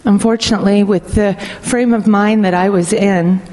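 A middle-aged woman sharing a personal faith testimony in an earnest, reflective way, speaking slowly and deliberately. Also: medium pitch, fairly even intonation, dark tone. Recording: long hall reverb.

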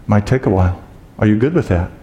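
A man preaching a sermon as pastor, telling stories with humor and acting out loud exclamations. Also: on the low side, lively intonation, quick pace. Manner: humorous storytelling, acts out exclamations. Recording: echoey hall with long reverb.

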